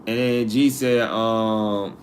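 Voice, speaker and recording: A man hosting a live stream in casual chat, reading viewer comments aloud and answering in an animated, slangy way that repeats itself. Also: lowish voice, slow, a little hiss or hum. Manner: animated, repeats himself, slangy asides and laughs.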